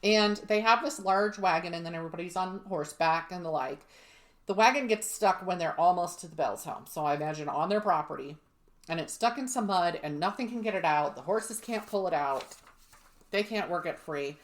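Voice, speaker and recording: A woman's voice: lowish voice, fairly quick. A woman co-hosting a podcast, telling a spooky history story in a sarcastic, swearing, laughing casual chat. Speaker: podcast co-host. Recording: roomy echo.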